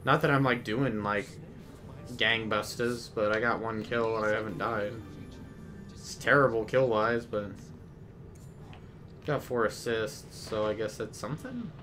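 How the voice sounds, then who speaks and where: A man's voice: lowish voice, a little slow, pauses often, music in the background. A man streaming a video game, chatting casually and rambling off-topic, often trailing off mid-sentence. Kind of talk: casual gameplay commentary.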